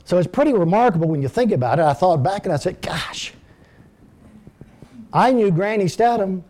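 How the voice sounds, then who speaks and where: A man's voice: high-pitched, lively intonation, fast talker, dark tone. An older man telling folksy personal stories in a sermon, speaking directly to his congregation. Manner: folksy storytelling, addresses the audience directly.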